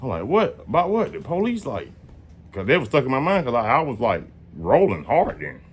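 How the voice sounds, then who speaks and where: A man in his late twenties telling a story in casual, slangy, profane talk, often jumping into high-pitched quoted dialogue. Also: sing-song, a little fast, husky.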